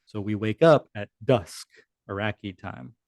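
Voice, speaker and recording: Creaky and lowish, with a darkish tone, the voice of a veteran in his thirties unhurriedly tells a war story on a podcast. He's casual and profane and acts out quoted dialogue. The recording is dry with clean studio sound.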